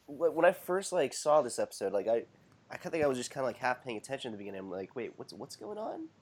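A man co-hosting a podcast in casual chat, halting and restarting his sentences. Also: medium pitch, expressive, darkish tone, slightly rough. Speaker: podcast co-host.

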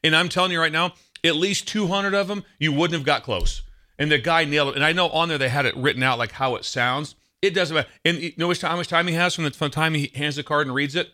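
A middle-aged man hosting a casual talk show, telling a story in an animated, excitable way. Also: on the high side, fast. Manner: animated, excitable storyteller who shouts quoted lines. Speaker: radio show host.

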